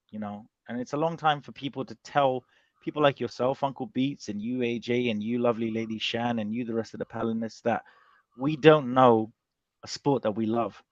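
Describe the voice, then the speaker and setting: A man's voice: mid-range voice, no room sound, highs cut off. Rambling man on a panel call. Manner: animated, rambling, with many restarts. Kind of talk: casual chat on a boxing panel show.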